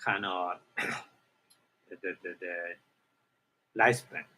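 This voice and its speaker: Slow, halting male dharma teacher. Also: low-pitched, fairly even intonation, sharp tone, slight background noise. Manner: halting, explains Pali word by word, repeats, asks "huh?". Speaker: Buddhist meditation teacher. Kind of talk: dharma lecture.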